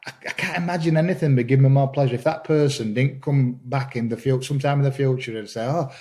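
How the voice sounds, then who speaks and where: Halting, enthusiastic man chatting. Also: medium pitch, fairly even intonation, dark tone. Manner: halting, repeats words often when starting a thought; enthusiastic, laughs while talking. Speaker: podcast guest, green woodworker. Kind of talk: casual conversation.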